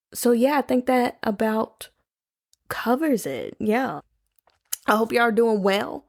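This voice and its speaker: A woman's voice: fairly high pitch, lively intonation, takes it slowly, vocal fry, pauses often, dry recording, studio quality. A woman hosting a casual solo podcast, rambling playfully and calling listeners baby and y'all. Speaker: podcast host. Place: home, recording at night.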